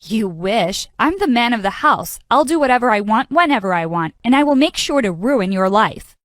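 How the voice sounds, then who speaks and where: A bossy teenage boy from an animated storybook, full of himself and always taunting his twin sister, played by a woman narrator. The voice sits fairly high and sounds close and dry. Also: normal speed, dry recording. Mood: smug. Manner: taunting, arrogant.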